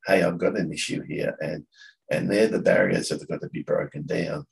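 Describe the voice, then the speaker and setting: A man with an Australian accent, talking casually as a podcast guest, halting and restarting often as he searches for words. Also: deep voice, vocal fry, low-quality recording. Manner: halting, with many restarts and fillers. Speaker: coffee catch-up organiser, podcast guest. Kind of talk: casual conversation.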